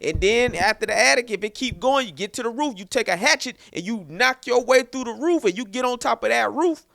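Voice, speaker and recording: A man's voice: very high voice, expressive, fairly quick, gravelly, a bit bright, no room sound, clean studio sound, voice pushed up, full character voice. A man voicing a streetwise male city worker who gives urgent, emphatic advice.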